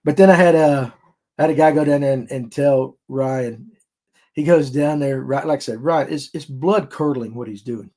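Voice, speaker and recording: A man's voice: medium pitch, normal speed. A man hosting a casual podcast, telling stories and acting out other people's lines. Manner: animated storyteller who acts out other people's lines. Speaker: fishing podcast host.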